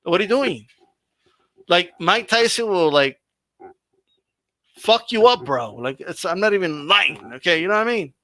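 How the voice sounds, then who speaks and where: High, bright-voiced man riffing on boxing. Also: normal speed, pauses often. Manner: animated, swearing, laughing, slangy. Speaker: host. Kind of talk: casual boxing chat on a livestream.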